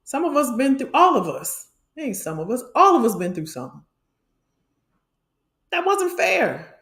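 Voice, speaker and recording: A woman's voice: fairly high pitch, sing-song, fairly quick, fairly bright tone, echoey room. Passionate woman career coach on livestream. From Illinois. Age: middle-aged. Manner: passionate, preachy, addresses the audience as y'all. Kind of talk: livestream talk to viewers.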